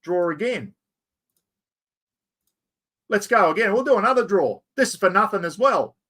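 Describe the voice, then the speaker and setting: A man with an Australian accent and a fairly high-pitched voice talks straight to his live chat. He rambles cheerfully, laughs at his own fumbling, and keeps calling out to everyone watching. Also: expressive, moderate pace. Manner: chatty, self-mocking, talks to viewers while fumbling with software. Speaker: livestream host. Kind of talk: casual live stream chat.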